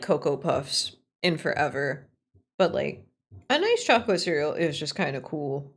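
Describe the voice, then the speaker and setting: A loose, self-mocking woman streamer who chats with her viewers between game lines. Her voice sits a little low for a woman. She curses freely in a casual way. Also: very animated, a little slow, slightly rough.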